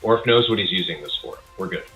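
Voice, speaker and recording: A man's voice: low voice, animated, a little fast, fairly bright tone, dull audio, soft background music. A man playing in a tabletop game, making dry, matter-of-fact quips. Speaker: player.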